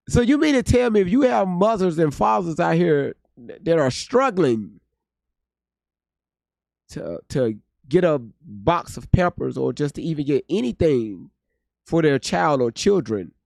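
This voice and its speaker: Man, gravelly voice, a bit high, blunt profane ranting, dry close sound. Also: darkish tone, no room sound. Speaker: reaction video host. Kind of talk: casual commentary.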